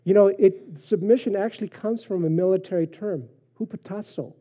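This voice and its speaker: A pastor delivers a conversational sermon in a slightly high, husky voice, often pausing on fillers as he teaches. The recording sounds dull and lo-fi. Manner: conversational preaching with frequent fillers and anecdotes.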